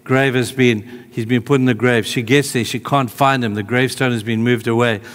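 A man preaching a sermon in a church hall, conversational, moving between emphatic calls and hushed, tender asides. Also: medium pitch, fairly even intonation, normal speed.

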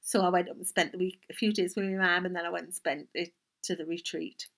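An older woman speaks with a Geordie accent and a bright, forward tone, chatting her way through a knitting podcast. She rambles off on tangents and often slips into quiet, murmured asides. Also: fairly low pitch, little pitch movement, fast talker, creaky. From North East England. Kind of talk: casual chat.

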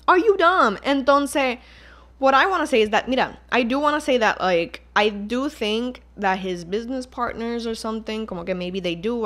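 A young woman from Puerto Rico, with a Puerto Rican accent and a medium-pitched, fairly bright voice, hosts a casual solo podcast. She sounds heated and exasperated, swearing and mixing Spanish into her English.

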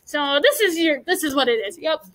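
A woman teacher reading a chapter book aloud to her class, animated and stopping to ask the children questions. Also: sits high, brisk, low-quality recording.

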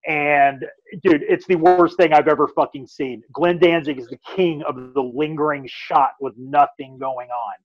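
A man's voice: a little high, a little slow, dull audio. A man co-hosting a podcast, ranting emphatically in casual chat and swearing constantly. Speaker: podcast co-host.

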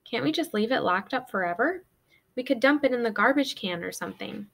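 A woman voicing a cautious schoolboy who speaks in a careful, hushed, worried way. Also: fairly high pitch, lively intonation, brisk, creaky, heavily acted. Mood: earnest.

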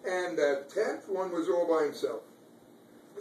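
A man's voice: high-pitched, a little slow, darkish tone. Man reading to preschool kids, encouraging, asks them questions, distant mic, roomy classroom, noisy. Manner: encouraging, quizzes the children. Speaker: storyteller reading to children. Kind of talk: reading a picture book aloud to small children.

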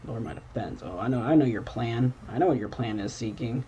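A young gaming channel host commentates his gameplay casually from a home room at night, talking back to the game and erupting in exclamations. He speaks briskly in a mellow, mid-range voice, with slight background noise.

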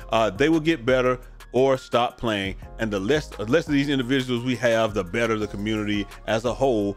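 A man's voice: mid-range voice, a little fast. A man chatting casually as a gaming streamer, tired and yawning, with loose slangy talk full of "man" and "bro". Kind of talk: casual commentary on viewer messages. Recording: faint music behind.

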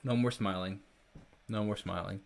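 A man's voice: fairly low pitch, fairly even intonation, normal speed, vocal fry, slight background noise. A man hosting a casual livestream, reading viewer jokes aloud and trying not to laugh. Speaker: livestream host.

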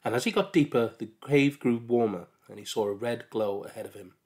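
A man calmly narrating a storybook aloud, with measured delivery. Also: mid-range voice.

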